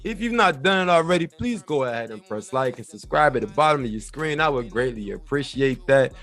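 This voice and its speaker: A man's voice: mid-range voice, expressive, brisk, fairly bright tone. A man hosting his own vlog, talking casually and jokingly to viewers. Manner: joking, playful, repeats "you feel me"; uses African American English ("y'all", "ain't"). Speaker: show host. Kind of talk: casual direct-to-camera vlog.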